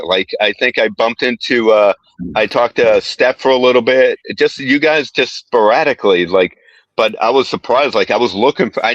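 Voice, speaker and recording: A man's voice: mid-range voice, fairly bright tone, no echo. A man joining a livestream as a guest, joking about himself in casual chat. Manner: self-deprecating, joking. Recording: dull lo-fi call audio.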